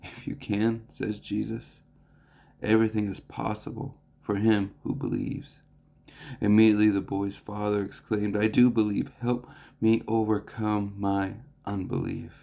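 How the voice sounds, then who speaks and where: A young man reads a Bible passage and reflects on it in an earnest, devotional way. His voice sits low and rough with vocal fry, and his pitch barely moves. He restarts his phrases often and fills pauses as he feels his way through his thoughts. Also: flat delivery, warm tone. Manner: earnest, halting, with frequent restarts and fillers. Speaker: preacher.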